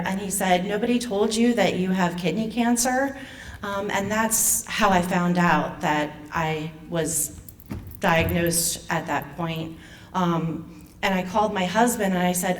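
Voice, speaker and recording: A woman in her forties, a foundation president, nervously and emotionally telling her own patient story at an event, with halting restarts. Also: medium pitch, far from the mic. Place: event hall.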